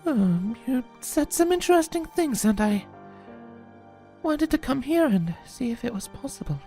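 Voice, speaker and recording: A woman's voice: sits high, big pitch swings, measured pace, warm tone, faint music behind, full character voice. A woman voicing a flustered, stammering female pony who grows drowsy and dreamy.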